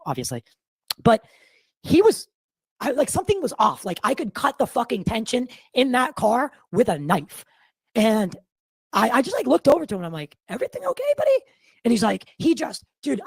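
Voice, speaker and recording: Husky, animated podcast host man. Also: extremely high pitch, no room sound. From Massachusetts. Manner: animated, rambling, swears freely. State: shaken. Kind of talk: casual podcast storytelling.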